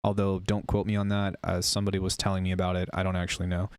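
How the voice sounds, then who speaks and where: A male music producer on a casual live stream, chatting with viewers while demoing software, rambling and unsure of himself. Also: low-pitched, monotone, very fast, clean tone, no echo, studio quality.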